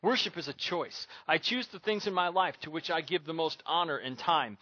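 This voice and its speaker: A man preaching a sermon with a bright, forceful voice that sits a little high. He preaches emphatically, repeating key phrases, and the sound is dry and somewhat muffled. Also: moderate pace, no room sound. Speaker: pastor.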